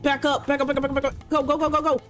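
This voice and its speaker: Sitting high and moving at a racing clip, this woman's let's-play commentary comes through a desk mic with soft music in the background. She gets excited, yells orders at the game, and jokes around in slangy talk.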